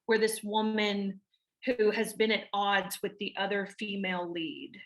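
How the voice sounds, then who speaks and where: A woman's voice: medium pitch, steady tone, measured pace. A woman with a Southern American accent, an actress answering interview questions in a chatty way with many restarts and fillers. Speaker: actress guest.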